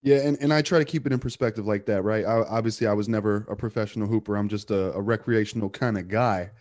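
A man's voice: lowish voice, quick pace, no echo, clean studio sound. Stuffy-nosed man in his thirties. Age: 30s. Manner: relaxed, rambling, with many fillers and restarts. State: stuffy, nasal from a broken nose. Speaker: podcast guest. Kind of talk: casual podcast conversation.

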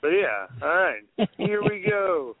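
A man's voice: high-pitched, very animated, slow pace, no room sound. A man co-hosting an album review show, casually introducing tracks in a laid-back way. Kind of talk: casual radio banter. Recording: tinny phone-like dry sound.

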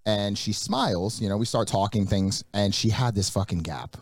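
A man's voice: lowish voice, moderate pace, no room sound. A young man co-hosting a podcast, telling a self-mocking dating story in a wry way. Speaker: podcast co-host. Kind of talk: casual chat.

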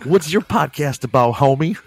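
A man putting on a loud high-pitched joking security guard. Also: expressive, normal speed, breathy edge. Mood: teasing. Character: joking loud male airport security agent. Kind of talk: podcast anecdote.

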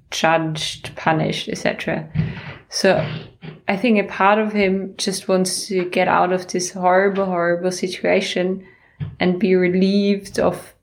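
Woman, lowish creaky voice, even tone, thoughtful casual book talk. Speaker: book club participant.

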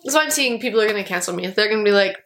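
A woman's voice: mid-range voice, racing, a bit bright. A young woman from Canada co-hosting a podcast in casual, blunt chat, laughing often. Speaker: podcast co-host.

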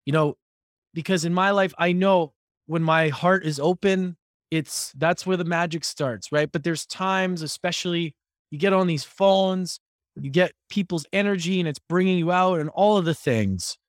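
Podcast host, man, casual and rambling, a bit high-pitched, close dry mic. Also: moderate pace, dry recording. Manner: rambling, many fillers and restarts. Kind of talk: casual interview question.

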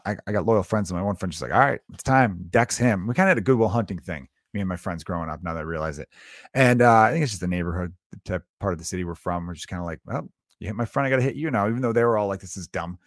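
A man in his thirties telling a story in a casual, animated and profane way, swinging between loud bursts and low asides. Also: fast, no echo, clean studio sound.

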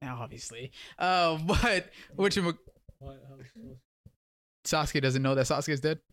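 A man hosting a podcast, recapping a story in lively slang and acting out quotes in a casual chat. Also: a little high, slow pace. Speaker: podcast host.

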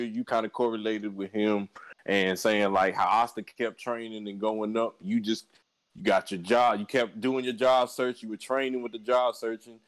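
A man co-hosting a casual podcast, talking in an animated way and laughing through his stories. His voice sits at an ordinary pitch for a man. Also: poor audio. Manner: animated storytelling, laughs and stumbles over words. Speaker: podcast co-host. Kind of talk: casual chat.

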